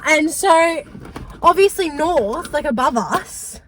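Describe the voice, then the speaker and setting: A woman's voice: high voice, slow pace, slight background noise. A young woman, co-hosting a casual chat, teasing and swearing freely. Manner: animated, teasing, swears freely, laughs often. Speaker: co-host.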